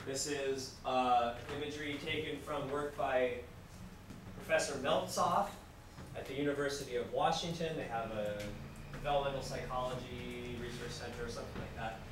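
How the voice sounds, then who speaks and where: A man lecturing a class. He is animated, asks the students questions, acts out examples, and repeats simple phrases for language learners. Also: mid-range voice. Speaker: university lecturer. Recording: distant, very echoey classroom with noise.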